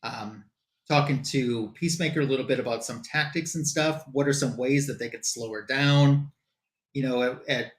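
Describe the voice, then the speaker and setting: A man's voice: medium pitch, fairly bright tone, reverberant. A man casually retelling a comic book story as a show's reviewer, quoting the characters as he goes.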